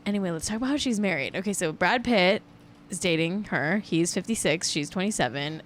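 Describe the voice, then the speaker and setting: A woman's voice: on the low side, fairly quick, a little hiss or hum. A woman hosting a celebrity gossip livestream, chatting casually and rambling, correcting herself as she goes. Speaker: celebrity gossip show host.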